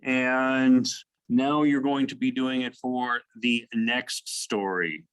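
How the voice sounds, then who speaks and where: A man's voice: mid-range voice, fairly even intonation, takes it slowly, a bit bright, clear, resonant tone, rough recording. Guy teaching a lit lesson on tape, chatty, asks questions, lots of okays and ums. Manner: conversational, asks questions, with frequent "okay" and "um". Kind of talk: recorded literature lesson.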